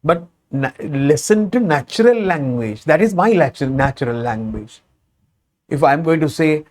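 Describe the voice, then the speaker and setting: A man with a Sri Lankan English accent, a Sinhala speaker, teaching a spoken English lesson and explaining each phrase again and again, sometimes slowing down for examples. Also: fairly high pitch, darkish tone.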